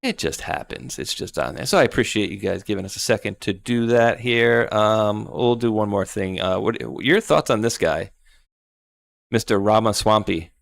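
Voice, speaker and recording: Low gravelly man hosting casual chat. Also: normal speed. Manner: laid-back, laughs often. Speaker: show host. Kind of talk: casual chat, reading posts aloud.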